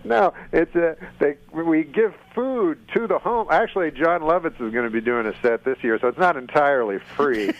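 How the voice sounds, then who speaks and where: A male comedian guest on a radio show, talking in a deadpan, drawling way over a phone line. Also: fairly high pitch, normal speed, few pauses. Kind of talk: casual radio interview.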